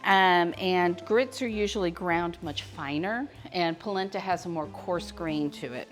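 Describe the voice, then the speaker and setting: Over music, a woman with a fairly low voice talks in an unhurried way. She's a cooking show host doing a live demonstration from her home kitchen and chatting with viewers as the food comes together.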